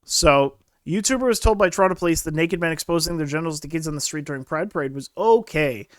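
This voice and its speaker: A man's voice: a little high, quick pace, no room sound. A man co-hosting a podcast, reading out news stories in a matter-of-fact way. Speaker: podcast co-host. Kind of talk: casual chat and reading news aloud.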